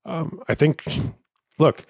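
A man's voice: slow pace, darkish tone, no echo, clean studio sound. A man co-hosting a podcast, giving blunt, joking opinions in casual talk. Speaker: podcast co-host. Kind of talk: casual political chat.

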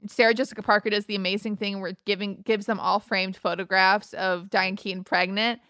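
A woman's voice: mid-range voice, little pitch movement, fairly quick, bright, forceful tone, no room sound, clean studio sound. A woman co-hosting a casual film chat, gushing and tearful as she talks. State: crying. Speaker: podcast co-host. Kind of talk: casual chat about films.

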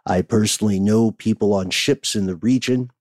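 A man's voice: on the low side, moderate pace, a little mellow, dry recording. A man hosting a podcast, reading listener letters aloud and chatting casually, often laughing.

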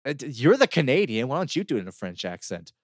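A man's voice: medium pitch, very animated, fast talker, no echo, clean studio sound. A man co-hosting a casual game review chat, easygoing, with lots of fillers and laughter. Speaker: podcast co-host reviewing games.

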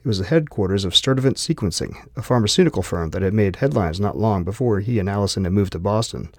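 Male audiobook narrator, lowish voice, dry close recording, steady reading. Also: fast, no room sound.

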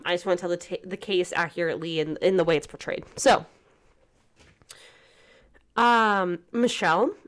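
A woman co-hosting a casual talk podcast, speaking earnestly and reading text messages aloud in a plain voice. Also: medium pitch. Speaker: podcast co-host.

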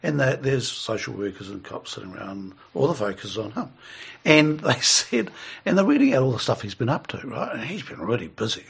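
Gravelly middle-aged New man. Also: medium pitch, sing-song, fairly quick, a bit bright. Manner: rambling, chuckles while telling stories. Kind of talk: casual storytelling chat.

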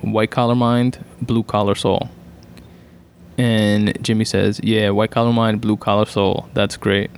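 A man with a low, gravelly voice reads out podcast quotes in a loose, casual way. He swears freely and stumbles through fillers between lines. A faint hum of ambience sits behind him. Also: little pitch movement, measured pace. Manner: profane, offhand, with filler words. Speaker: podcast host reading quotes. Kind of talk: casual reading of podcast excerpts.

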